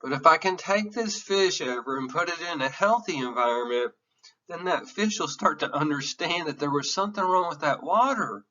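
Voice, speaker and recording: A man's voice: on the high side, expressive, moderate pace, sharp tone, distant mic, dull audio. A man giving an emotional, earnest classroom lecture, candid and sometimes swearing. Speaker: teacher.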